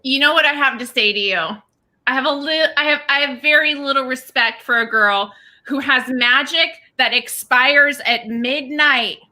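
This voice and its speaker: A woman's voice: high voice, normal speed, bright, forceful tone. A woman playing a brash young princess in an improv comedy insult battle, swearing and taunting her opponent. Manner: trash-talking, swearing, taunting. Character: brash trash-talking young princess, cocky and crude.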